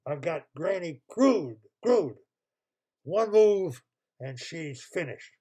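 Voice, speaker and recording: A man's voice: fairly high pitch, expressive, slow pace, dark tone. A man voicing a scheming male villain who taunts and threatens in a told bedtime-style story over a computer call. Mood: threatening. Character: gloating scheming male villain holding a hostage. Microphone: computer mic on a video call.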